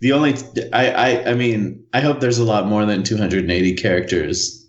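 Wry low-voiced man in a roomy space. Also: steady tone, normal speed, lo-fi sound. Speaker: podcast panelist. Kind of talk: casual podcast chat.

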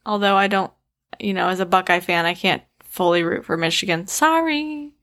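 A woman co-hosting a casual podcast, chatty and quick to laugh as she reads out listener shout-outs. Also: on the low side, level tone. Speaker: podcast co-host.

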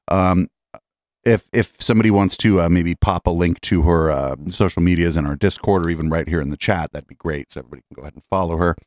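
A man hosting a live podcast in casual commentary, profane and rambling, often clearing his throat. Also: sits low, dry recording, clean studio sound. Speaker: podcast host.

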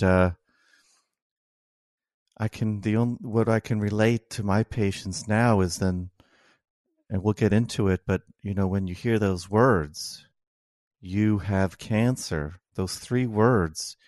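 A middle-aged man, an oncologist, telling a personal story as an interview guest, slow and halting with many restarts. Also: fairly low pitch, darkish tone, no room sound, studio quality. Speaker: oncologist and author.

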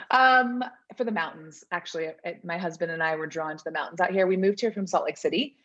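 A woman's voice: on the low side, fairly quick, fairly bright tone, lo-fi sound. A woman in her thirties chatting easily as a podcast guest, laughing often and poking fun at herself. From American South. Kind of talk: casual interview chat.

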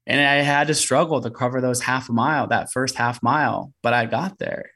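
A man's voice: mid-range voice, normal speed, few pauses, pushed and bright. A man being interviewed on a podcast, telling a personal story in an earnest way with lots of "you know" fillers. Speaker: podcast guest, explorer.

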